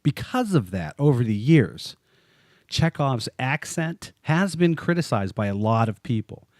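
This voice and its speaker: A man's voice: mid-range voice, very animated, a little slow, darkish tone, dry recording, clean studio sound. A man co-hosting a podcast in casual, chatty talk, joking and laughing often as he goes. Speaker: podcast co-host.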